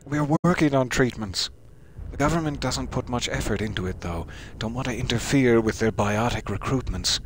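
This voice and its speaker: A man voicing a sinister male doctor who speaks in a soft, measured, falsely consoling tone. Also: medium pitch, slight background noise, lightly acted. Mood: persuasive.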